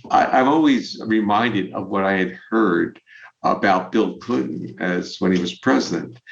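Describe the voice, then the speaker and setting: A man with a low, gravelly voice talks through ideas as a podcast guest, measured and explanatory, with a chuckle here and there. His audio comes through dull and lo-fi. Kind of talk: conversational explanation.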